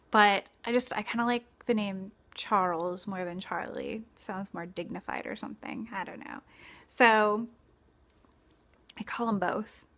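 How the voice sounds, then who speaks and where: A woman's voice: medium pitch, fairly bright tone. A young woman talking casually in a home video, chatty and full of fillers, who slips into baby talk with her dog. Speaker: vlogger. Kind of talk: casual vlog. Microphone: phone camera.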